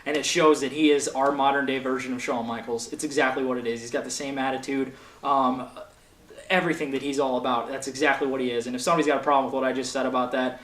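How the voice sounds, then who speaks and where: A man's voice: mid-range voice, fairly bright tone. A young man hosting a wrestling show, ranting with passion and heavy swearing in casual commentary. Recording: echoey room, faint noise.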